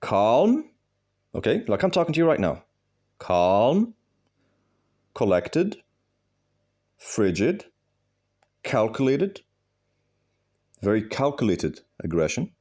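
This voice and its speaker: A man's voice: mid-range voice, huge pitch swings, a little slow, pauses often, a little mellow. A man giving advice in a direct monologue, blunt and emphatic, swearing freely and repeating phrases for stress. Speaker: video host giving advice.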